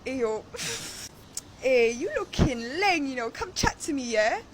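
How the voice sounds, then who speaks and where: A woman's voice: high-pitched, sing-song, takes it slowly, slight background noise, heavily acted. A woman doing a cocky London roadman. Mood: flirty. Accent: London street slang.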